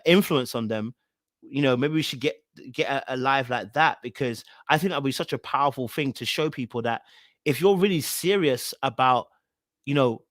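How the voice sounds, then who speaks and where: A man's voice: mid-range voice, a bit bright, no echo. A man hosting a live podcast stream in casual chat, loosely talking and reading out viewer comments.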